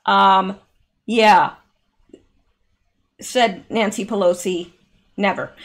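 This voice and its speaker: A woman's voice: mid-range voice, animated, unhurried. A woman who hosts her own channel, giving a casual spoken commentary full of fillers and asides. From Canada. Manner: chatty, with many fillers and asides. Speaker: channel host.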